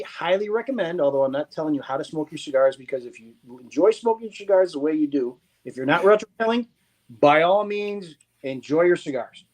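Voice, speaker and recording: Animated man explaining, higher voice. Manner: animated, teaching tone, acts out quotes. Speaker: guest, cigar blender. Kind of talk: casual explanatory chat.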